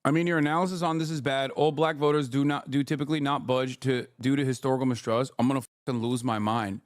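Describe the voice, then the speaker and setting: A man's voice: mid-range voice, steady tone, fast talker, no room sound, clean studio sound. A man ranting heatedly to his livestream chat about politics, profane and combative.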